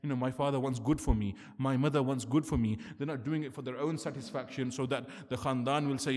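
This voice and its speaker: A man's voice: medium pitch, fast, hardly any pauses, darkish tone. A man preaching an earnest, emphatic sermon, asking rhetorical questions as he lectures. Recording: long hall reverb.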